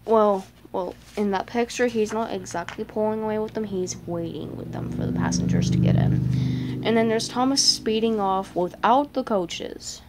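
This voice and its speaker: A woman's voice: mid-range voice, lively intonation, normal speed, slight background noise. A woman chatting through a picture book page by page, filling her talk with "like" and small gasps. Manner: chatty, lots of "like", gasps and little voices. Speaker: fan showing a picture book. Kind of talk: casual book flip-through commentary.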